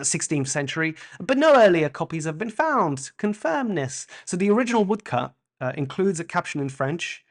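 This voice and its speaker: A man hosting a comic podcast monologue, theatrical and playful, swinging between loud outbursts and hushed asides. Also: a little high. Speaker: podcast host.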